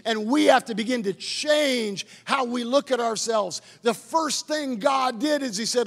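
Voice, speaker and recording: Pastor, middle-aged man, high gravelly voice, impassioned sermon, reverberant hall. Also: measured pace, hardly any pauses. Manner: impassioned preaching, building to loud declarations.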